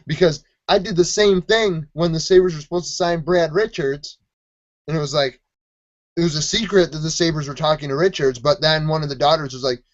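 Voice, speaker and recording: A man's voice: on the high side, fairly quick, no room sound, lo-fi sound. A man from Buffalo co-hosting a sports podcast, telling stories in casual chat and acting out quotes as he goes. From Buffalo, New York. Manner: rambling, animated storytelling with quoted voices.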